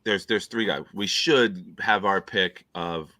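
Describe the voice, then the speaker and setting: Host, male, low voice, bright and relaxed, joking chatter. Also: takes it slowly, no room sound. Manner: laid-back, joking, thinks aloud. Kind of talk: casual chat.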